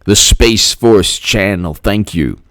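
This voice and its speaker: Brief: male stream host, low-ish voice, rambling and chuckling, thanks chatters by name. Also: takes it slowly, a bit bright, no room sound, studio quality. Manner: rambling, laughs often, thanks viewers by name. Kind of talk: live-stream political commentary.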